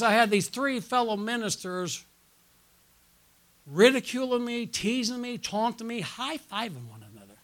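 A middle-aged man, a pastor preaching a sermon at a church conference, telling a personal story and calling out to the congregation, rising to loud excited peaks and dropping to quiet asides. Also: very high-pitched, moderate pace.

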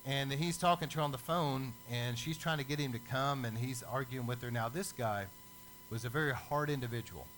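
A man preaching a sermon as a lively storyteller who acts out the people in his stories. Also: mid-range voice, fairly quick, slight background noise, poor audio.

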